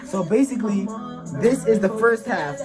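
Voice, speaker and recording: Young male vlog host, high voice, playful arguing, loud music under him. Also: moderate pace. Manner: joking, animated, argumentative banter. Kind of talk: casual chat with friends. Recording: music playing loudly behind.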